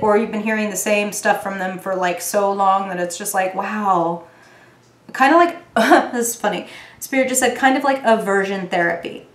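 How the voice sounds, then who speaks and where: A woman giving a casual tarot reading, talking in a chatty way with lots of fillers and getting animated when she acts out what people might say. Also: mid-range voice. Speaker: tarot reader. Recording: roomy echo.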